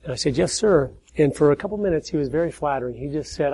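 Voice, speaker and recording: A middle-aged man giving an earnest preaching talk, telling stories and building to emphatic points before dropping his voice low. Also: fairly quick, mellow, breathy edge, low-quality recording. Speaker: speaker at church and conservative conferences.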